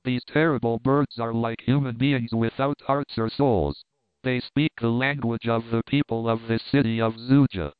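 A man's voice: medium pitch, steady tone, moderate pace, clean tone, no room sound, close to an everyday voice. A man reading as a timid frightened guide. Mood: fearful. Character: fearful male native guide, timid and superstitious. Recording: dry, tinny phone-like sound.

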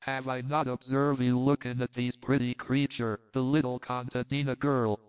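Guy reading as a teasing countess, smooth voice, thin phone-like sound. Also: mid-range voice, lightly acted. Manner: teasing, broken English. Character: flirtatious Italian countess, woman, coquettish.

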